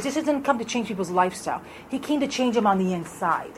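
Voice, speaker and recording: A woman's voice: fairly high pitch, animated, quick pace, darkish tone, a little hiss or hum, rough recording. Woman teaching a casual Bible study. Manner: conversational, asks the group questions.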